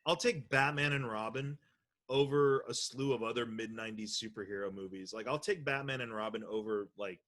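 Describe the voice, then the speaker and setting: A man co-hosting a casual podcast chat, measured and opinionated. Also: mid-range voice, a bit bright. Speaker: podcast co-host.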